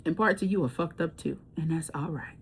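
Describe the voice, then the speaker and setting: A woman's voice: sits low, a little fast, heavy background noise. A woman tarot reader chatting casually to camera, telling stories with loose laughs and the odd swear word.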